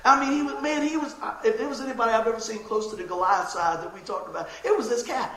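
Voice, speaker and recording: A man preaching a sermon as pastor, lively and often laughing as he acts out little scenes. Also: very high-pitched, a little fast. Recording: roomy echoing hall sound.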